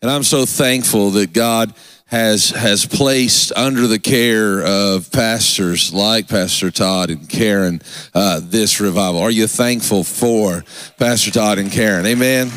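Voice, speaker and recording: A man's voice: on the low side, a little slow, a bit bright, dry recording. A man preaching a fervent revival sermon in a church, with call-and-response asides to the congregation. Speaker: pastor. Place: church sanctuary.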